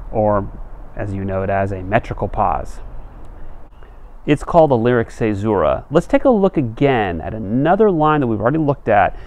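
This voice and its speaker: A man giving a slow, deliberate lecture on poetic meter, sounding out words syllable by syllable. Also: fairly low pitch, gravelly, darkish tone. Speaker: literature teacher.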